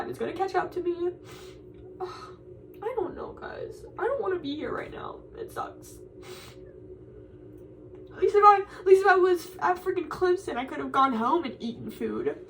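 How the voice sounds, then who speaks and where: Young woman ranting through tears, super high voice, kinda far from the mic w some faint noise. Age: young adult. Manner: frustrated, rambling, repeats herself. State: tearful. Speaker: college student vlogger. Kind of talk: venting to camera.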